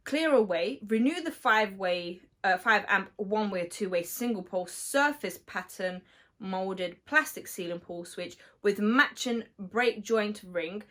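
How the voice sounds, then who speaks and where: A woman, an electrician, slightly hoarse, explaining her trade in a casual vlog with many fillers, step by step. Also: medium pitch, unhurried, fairly bright tone.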